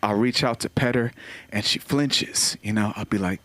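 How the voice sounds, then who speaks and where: Lively man doing stand-up. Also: medium pitch, normal speed, no echo. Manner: animated storytelling, acts out voices of people and dogs. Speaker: stand-up comedian. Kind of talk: stand-up comedy set. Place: comedy club stage at an open mic.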